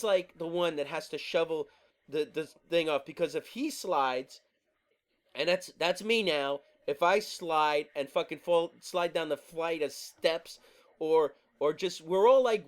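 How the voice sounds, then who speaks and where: Profane, high-voiced ranting man. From New Jersey. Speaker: podcast host. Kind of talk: casual ranting monologue.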